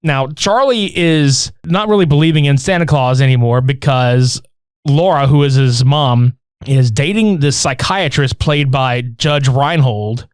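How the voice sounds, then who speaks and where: A man co-hosting a podcast, retelling a film plot in casual, profane, animated chat. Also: medium pitch, a little slow, clear, resonant tone, no echo, studio quality. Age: older adult. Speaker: podcast co-host.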